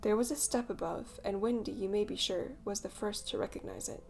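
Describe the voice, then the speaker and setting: A woman reading a children's audiobook as narrator, in lively storytelling. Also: medium pitch, fairly quick, vocal fry, hardly any pauses, soft background music. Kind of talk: scripted narration.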